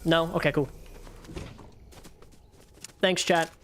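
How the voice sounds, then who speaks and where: A young man live-streaming a video game, chatting casually with his viewers, swearing and yelling excitedly when things get tense. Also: on the high side, slow, a little hiss or hum.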